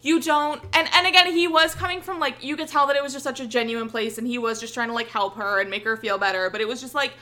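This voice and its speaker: A woman co-hosting a podcast, chatting casually and excitedly, rambling and swearing a lot. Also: high voice, fast talker, hardly any pauses. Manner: animated, heavy swearing, rambling recap. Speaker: podcast co-host.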